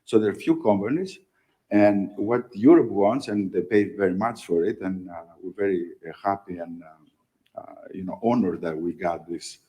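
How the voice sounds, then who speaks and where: A man, a company executive answering in a panel interview, talking haltingly with many fillers and emphatic "okay?" tags. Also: low voice, a little mellow, low-quality recording. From Greece.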